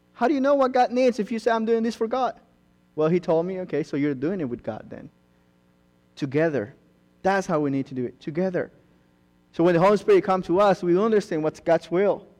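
A man's voice: high voice, a little mellow. A young man preaching a sermon, earnest and rising to emphatic bursts, acting out quoted asides. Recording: long hall reverb.

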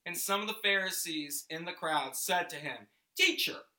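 A man's voice: a little high, bright, forceful tone, reverberant. A man reading scripture and leading a guided reflection, asking listeners to picture the scene. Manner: slow, questioning, invites listeners to imagine. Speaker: devotional video host.

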